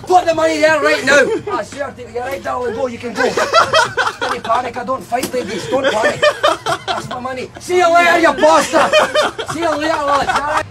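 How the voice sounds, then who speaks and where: Brawling put-on Scottish hothead, squeaky-high and shouty, prank recorded in a busy noisy shop. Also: male voice, animated, normal speed. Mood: belligerent. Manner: shouting, laughing, threatening strangers. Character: loud belligerent Scottish man, picks fights. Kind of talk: public prank character. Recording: loud crowd and street noise.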